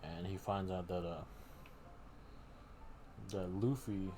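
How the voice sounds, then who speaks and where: A man with a very low, deep voice hosts a live stream and retells a story in a loose, rambling way. He piles on fillers and restarts. Clear background noise runs under his talk. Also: takes it slowly, mellow, poor audio. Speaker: streamer host. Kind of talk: casual live-stream recap.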